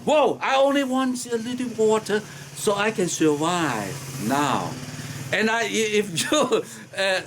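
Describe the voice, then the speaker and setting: A man voicing a fish dying on dry land who slowly pleads for water, in a spoken parable. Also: sits high, big pitch swings, background noise, voice pushed up, heavily acted. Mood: exasperated.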